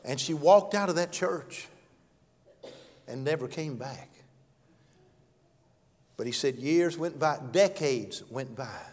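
A man preaching a sermon and telling stories, earnest, swinging from loud to hushed. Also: fairly high pitch, expressive, slow, pauses often. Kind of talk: sermon with storytelling. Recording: long hall reverb.

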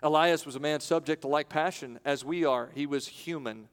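A man preaching a sermon in a church, with dramatic pauses, and acting out the voices in the stories he tells. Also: a little high, long reverb tail. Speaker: pastor. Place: church sanctuary.

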